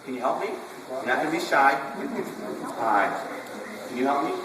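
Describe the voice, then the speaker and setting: A man's voice: medium pitch, lively intonation, moderate pace. Echoey distant man coaching a puppy class. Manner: drill-like, quizzing the class, repeating commands. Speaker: dog trainer. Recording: echoey hall, distant camera, room noise.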